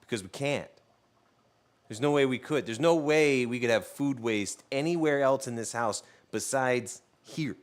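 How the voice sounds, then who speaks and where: An unhurried man with a medium-pitched voice cooks on a live stream. As a cooking streamer, he chats casually with viewers, spins jokey stories, and teases his dog in a loose, joking manner.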